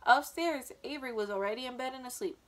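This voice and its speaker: Woman, teacher, reading a children's book aloud, gentle, small slips, somewhat high voice. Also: fast.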